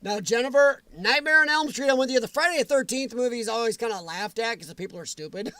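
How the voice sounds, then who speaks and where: A man hosting a casual livestream, answering viewers' comments in a chatty, animated way with frequent chuckles. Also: very high-pitched, quick pace, no room sound. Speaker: livestream host.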